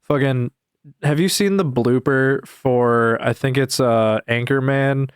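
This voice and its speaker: A man's voice: medium pitch, slow pace, clean tone, dry recording, studio quality. A man co-hosting a podcast, chatting casually and drifting into side stories. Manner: meandering, chuckly, drifts into tangents. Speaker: podcast co-host. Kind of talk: casual chat.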